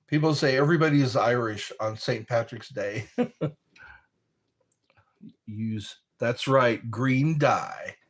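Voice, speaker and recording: A man from the United States, a bit tipsy from wine, casually chatting on a live stream and reading viewer comments aloud in a slow, rambling way. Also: mid-range voice. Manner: slow, rambling, reads chat messages aloud.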